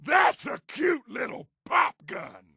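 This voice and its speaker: An actor voicing a hulking, gleefully murderous game monster who bellows short, brutish threats and taunts. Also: male voice, very high-pitched, animated, slow pace, gravelly, bright, forceful tone, no room sound, raised voice, studio quality, full character voice. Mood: raging taunts. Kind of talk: game character voice lines.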